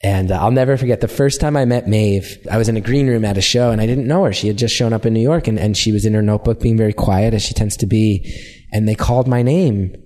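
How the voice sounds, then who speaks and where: American male comic, warm low-key tone, lively self-deprecating anecdotes. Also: fast talker. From United States. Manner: animated self-deprecating storytelling. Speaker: comedian guest. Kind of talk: casual interview chat.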